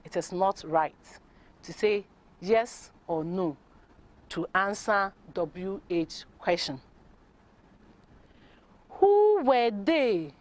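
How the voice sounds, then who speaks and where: Very slow, deliberate woman teacher. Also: on the low side, fairly even intonation. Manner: slow, deliberate, repeats example questions. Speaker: English teacher. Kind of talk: classroom lesson.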